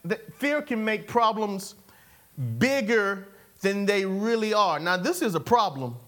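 A man's voice: high-pitched, unhurried, fairly bright tone. A man preaching a sermon in a call-and-response style, repeating his phrases and chuckling often.

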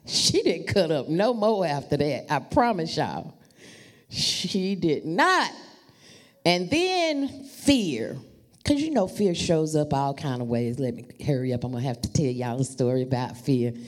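A woman preaching a storytelling sermon, talking to the congregation in an animated, familiar way. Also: low-pitched, measured pace. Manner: animated, addresses the congregation as y'all.

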